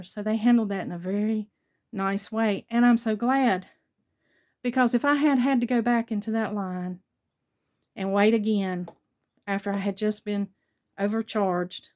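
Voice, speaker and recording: A chatty older woman tells a shopping story to her viewers in an easygoing, conversational way. Her voice sits at an ordinary middle pitch, and she retells back-and-forth dialogue as she goes. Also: darkish tone. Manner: chatty, retelling a store encounter with quoted dialogue. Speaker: vlogger. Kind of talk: casual storytelling haul vlog.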